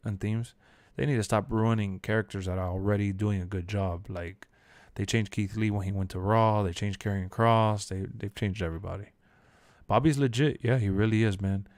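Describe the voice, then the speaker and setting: A young man chatting casually on a live stream, answering chat in loose slang and bursting into loud shouts when he quotes people. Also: on the low side, no room sound. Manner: animated, jumps to shouts when quoting.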